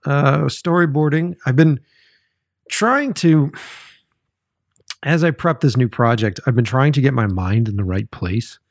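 A man with a gravelly, fry-laden voice talks loosely into the mic as a podcast host, swearing freely and wandering between fillers and restarts. The sound is dry and close, with no room around it. His pitch sits in the middle range for a man. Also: measured pace, long pauses, no echo. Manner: rambling, profane, many fillers. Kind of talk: casual solo podcast chat.

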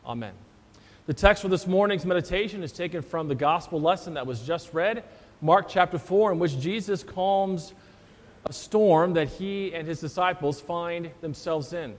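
Male pastor, high voice, conversational storytelling sermon, long church reverb. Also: normal speed.

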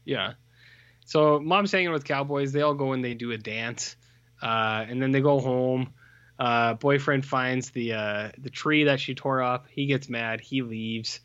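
A man's voice: medium pitch, a little slow, fairly bright tone, dry recording. Man, podcast co-host, rambling profane recap, dry close lo-fi sound. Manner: rambling, filler-heavy, blunt and profane. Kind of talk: casual film recap chat.

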